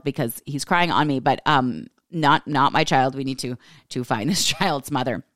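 Podcast host, woman, forties, low voice, animated and laughing, dry close sound. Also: brisk, no room sound. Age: 40s. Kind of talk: casual storytelling monologue.

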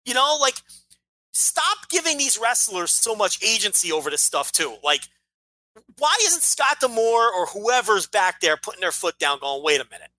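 Man, podcast co-host, heated profane ranting, swooping pitch, bright edgy tone, dry close sound. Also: sing-song, normal speed, dry recording. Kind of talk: casual podcast chat.

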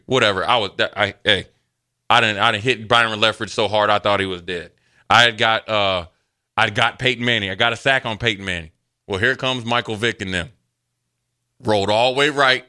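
A man co-hosting a sports talk show, telling stories from his playing days in a loose, animated way and acting out what others said. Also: on the low side, fairly quick. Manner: animated storyteller, acts out quotes, loose and chatty. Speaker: sports radio co-host, former NFL player. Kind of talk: casual sports talk storytelling.

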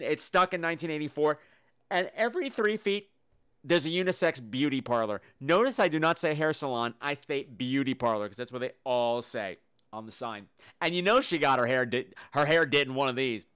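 A man hosting a podcast, telling comedic stories in a campy, animated way with sudden loud exclamations. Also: a little high, clear, resonant tone. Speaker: podcast host. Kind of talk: casual comedic monologue.

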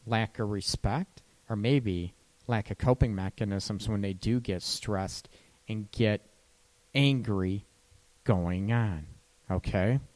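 A man hosts a radio relationship advice show, chatting casually and often checking in with "right?". His voice is lowish and a little mellow, and he takes things slowly.

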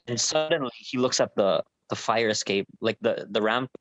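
A young man telling a story in a casual chat with friends, animated and swearing, acting out what people said. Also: lowish voice, moderate pace. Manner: animated, swearing, acts out quotes. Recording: dull, dry lo-fi sound.

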